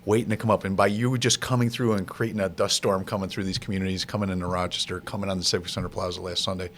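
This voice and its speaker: A man's voice: sits low, little pitch movement, racing, slight background noise. A man hosting a podcast, giving heartfelt praise to his guest in a casual interview. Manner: warm praise, short reactions. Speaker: podcast host.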